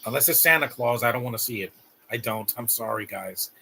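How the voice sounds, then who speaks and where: A man's voice: medium pitch, a little fast, vocal fry, bright, forceful tone, a little hiss or hum. A young man hosting a live stream, chatting casually and rambling with frequent restarts while reacting to a movie. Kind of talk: casual watch-along commentary.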